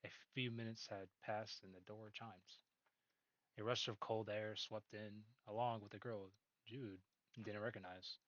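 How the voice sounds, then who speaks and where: A man's voice: lowish voice, fairly even intonation, unhurried, a bit bright, dry recording. A man reading a story aloud in a casual way, laughing at his own slips. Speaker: reader. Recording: dull dry recording.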